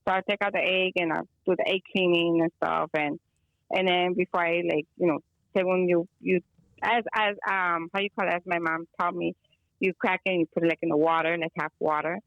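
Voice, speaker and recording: Gravelly woman rambling on a call. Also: fairly low pitch, flat delivery, fairly quick, dry recording, lo-fi sound. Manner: rambling, filler-heavy, mixes in Spanish phrases. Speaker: guest caller. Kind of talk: casual storytelling on a call. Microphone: phone or video call.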